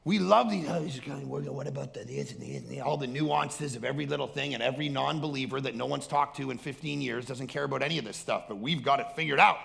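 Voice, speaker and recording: A male pastor preaching an energetic sermon, loud and animated, often breaking into acted-out voices. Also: medium pitch, gravelly. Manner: animated, loud, acts out other people's voices.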